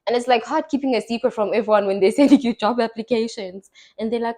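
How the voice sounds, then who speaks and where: This young woman's voice is fairly high and a little mellow, steady in tone, fast, and almost without pauses. A South African podcast host, she spins stories in casual chat and acts out the voices of those she quotes.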